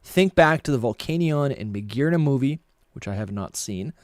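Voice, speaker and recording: A man's voice: mid-range voice, lively intonation, normal speed, a little mellow, no room sound, clean studio sound. A man co-hosting a live podcast, reading out chat messages and rambling in a loose, self-correcting way.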